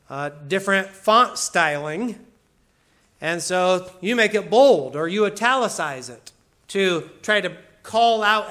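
A man's voice: high voice, a bit bright. A man preaching a sermon, explaining verses with emphasis and casual asides. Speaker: pastor.

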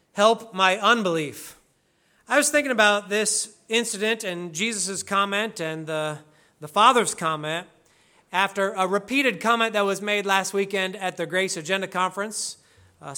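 A male pastor leading worship and preaching a sermon in an earnest, measured way. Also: sits high, pushed and bright. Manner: earnest, measured preaching with slow emphatic readings.

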